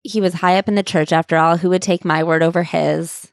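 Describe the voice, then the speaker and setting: Woman podcast co-host, lowish voice, casual talk, dry mic. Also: fairly even intonation, fairly quick, dry recording. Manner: casual, swears, reads book passages aloud. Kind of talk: casual chat recapping a memoir.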